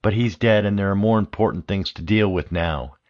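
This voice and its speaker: A man's voice: lowish voice, fairly quick, a little mellow, dull audio, lightly acted. A man reading a hardened young woman in an audiobook, with a curt, icy delivery. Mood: cold.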